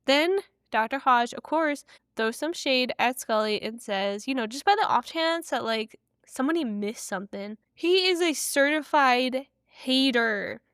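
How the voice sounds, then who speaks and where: Young woman podcast host, slightly high and smooth voice, casual slangy recap with strong opinions. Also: lively intonation, a little slow, hardly any pauses, fairly bright tone, no room sound, studio quality. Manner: chatty, opinionated, slangy retelling.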